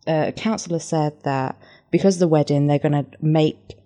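A young woman with an English accent talks in a low, deep register. She chats loosely on a podcast and swears freely. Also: normal speed, warm tone. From England. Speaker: podcast co-host. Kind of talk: casual chat.

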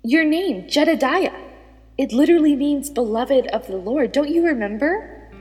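A woman's voice: fairly high pitch, expressive, slow pace, voice pushed up. A woman playing an eager, earnest young wife. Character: earnest, insightful wife and teacher. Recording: long reverb with background music.

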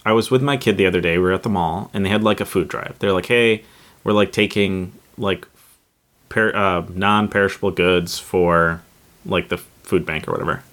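A man in his thirties co-hosts a casual podcast chat. His voice sits somewhat low. He tells stories in a relaxed way, with plenty of fillers. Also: moderate pace. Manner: relaxed, storytelling with many fillers. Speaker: podcast co-host. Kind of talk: casual conversation.

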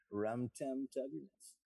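A man's voice: medium pitch, gravelly, mellow, no room sound. A man doing a lazy drawling stoner alarm clock. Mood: laid-back. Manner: slow, lazy southern drawl.

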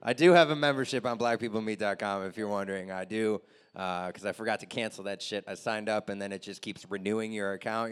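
A man's voice: fairly low pitch, fairly bright tone, clear, resonant tone. A young man doing a loose, crude stand-up set and chatting with the crowd. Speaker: stand-up comedian.

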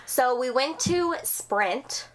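A woman co-host with a fairly high voice tells stories in a loose, giggly way and swears freely. She chats casually and reads out listener submissions. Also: animated, extremely slow, slight background noise. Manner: giggly, profane storyteller. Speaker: podcast co-host.

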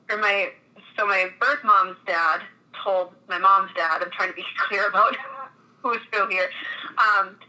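A woman's voice: mid-range voice, pushed and bright, rough recording. A woman in her thirties from Minnesota, telling her own story in a chatty way with many restarts. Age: 30s. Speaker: guest. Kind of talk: casual interview conversation.

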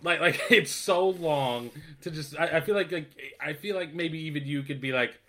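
A man's voice: fairly high pitch, normal speed, pushed and bright. A man co-hosting a podcast, talking casually about films with frequent laughs, swearing and fillers. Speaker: podcast co-host. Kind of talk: casual film chat.

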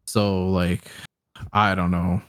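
A young man with a low voice speaks slowly and flatly while co-hosting a podcast. He reviews a film in casual, rambling chat loaded with fillers and swearing.

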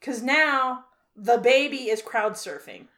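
Woman co-host, casual film rant, somewhat high voice, animated and profane storytelling. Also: takes it slowly. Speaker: podcast co-host.

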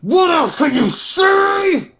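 A man voicing an outraged father who shouts at a doctor, read aloud over a voice call. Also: fairly high pitch, expressive, normal speed, voice pushed up, heavily acted. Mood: furious. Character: furious grieving father, grown man. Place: home, on a voice call.

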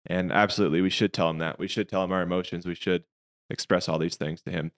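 A man with a fairly low voice talks through faith questions on a podcast. He is earnest and reflective, laying out his ideas patiently. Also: steady tone, fast talker. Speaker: podcast co-host. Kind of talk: casual faith discussion.

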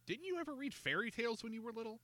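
A man doing a cheerful, teasing young girl detective, pitched well up and lively. The voice is bright and close, with no room around it. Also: racing, dry recording, exaggerated voice.

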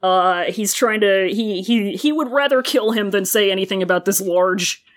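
A woman's voice: mid-range voice, normal speed. A woman co-hosting a podcast, retelling a show in casual chat, laughing often and swearing freely. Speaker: podcast co-host.

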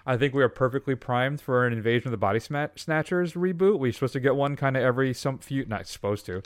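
With a mid-range voice and a fast delivery, this film podcast co-host rambles through jokey, casual movie talk packed with fillers. The recording is dry and studio quality.

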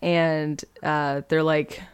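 Woman co-host, deep voice, dry close sound, chatty rambling recap with fillers. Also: little pitch movement, drawn-out words, clear, resonant tone, no room sound. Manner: rambling recap, many fillers, acts out quotes. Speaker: podcast co-host. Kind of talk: casual chat.

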